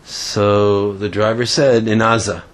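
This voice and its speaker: A man giving a casual Torah lesson, telling a story in a halting way with many fillers and restarts. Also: on the low side, level tone. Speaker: Torah teacher.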